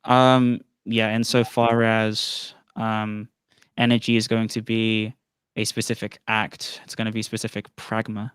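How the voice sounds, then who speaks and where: A man in an online debate answering in a measured way and pushing back when he is talked over. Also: lowish voice, monotone, a bit bright, clear, resonant tone, no room sound. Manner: measured, asks for a slower pace, pushes back.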